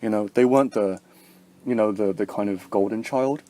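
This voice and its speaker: A man's voice: on the low side, moderate pace. A young man vlogging in a casual, rambling way, with constant filler words and frequent swearing. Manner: rambling, heavy filler words, profane, animated quoting.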